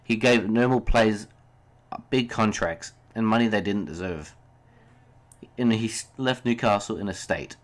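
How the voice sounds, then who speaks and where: A man's voice: lowish voice, a little slow. A young man hosting a solo sports podcast, ranting heatedly about referees, swearing and then apologizing. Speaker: podcast host.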